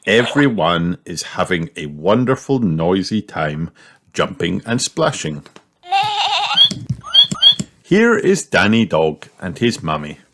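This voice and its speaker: A man narrating a children's storybook aloud in an expressive, storytelling manner. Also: low-pitched, slow pace, pauses often, very noisy.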